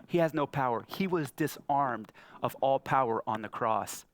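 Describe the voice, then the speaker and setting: A man's voice: normal speed, slight background noise. A man in his thirties preaching a sermon, telling stories and acting out the lines he quotes. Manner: storytelling, acts out quotes with big pitch jumps. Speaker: pastor. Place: church hall.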